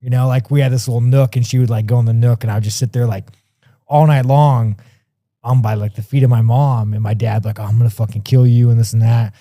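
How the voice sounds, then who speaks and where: A man's voice: mid-range voice, steady tone, brisk, dark tone, no room sound, studio quality. A man in his thirties telling stories in casual, rambling, heavily profane talk as a podcast guest. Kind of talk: casual chat.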